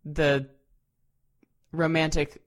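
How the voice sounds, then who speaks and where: A woman's voice: low-pitched, little pitch movement, drawn-out words. A woman co-hosting a podcast in casual chat, with a dry, teasing manner. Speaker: podcast co-host.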